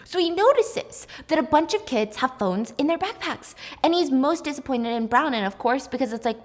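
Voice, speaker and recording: A young woman casually retelling a mystery story while baking, chatty and animated, acting out the characters' lines. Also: high voice, normal speed, few pauses, in a large hall. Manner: animated, chatty, acts out quotes. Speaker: storytelling baker host.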